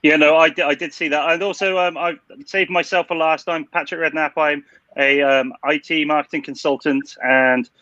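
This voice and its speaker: A man's voice: on the high side, steady tone, normal speed, pushed and bright, no room sound, lo-fi sound. A man hosting a panel discussion over a video call, chatty and welcoming. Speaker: panel moderator.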